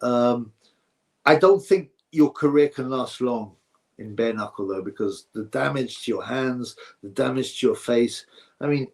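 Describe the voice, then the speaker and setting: A man's voice: medium pitch, a little mellow. A man hosting a boxing livestream, rambling through viewer comments and giving blunt opinions in casual chat. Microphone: streaming setup mic.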